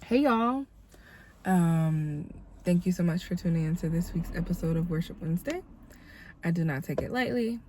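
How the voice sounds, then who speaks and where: On her casual devotional vlog, a tired, congested dancer and vlogger sounds a little nasal, reflective and encouraging, and leans on many fillers. Her lowish, darkish voice is expressive at a normal speed, with a little hiss or hum in the audio.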